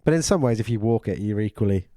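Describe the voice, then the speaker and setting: Mellow-toned man hosting a golf podcast. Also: on the low side, animated, fast, no room sound. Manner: easygoing, enthusiastic, laughs along. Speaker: podcast host. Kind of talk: casual podcast chat.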